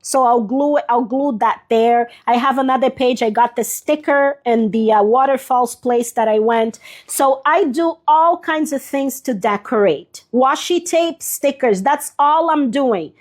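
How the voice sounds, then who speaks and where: Chatty high-voiced woman hosting a livestream. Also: unhurried, few pauses. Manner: chatty, answers viewer comments by name. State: sniffling. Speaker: journaling livestream host. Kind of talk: casual live craft demonstration.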